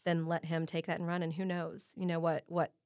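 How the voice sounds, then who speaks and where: A woman's voice: on the low side, flat delivery, fairly quick, darkish tone, dry recording, clean studio sound. Effusive, encouraging woman podcast host. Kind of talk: casual interview chat.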